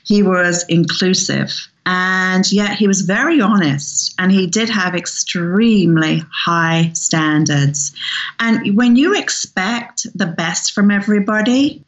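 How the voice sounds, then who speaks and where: Emphatic woman telling stories, muffled audio. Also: fairly low pitch. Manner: energetic, emphatic, repeats words for stress. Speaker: hairstylist guest. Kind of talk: anecdotal interview storytelling.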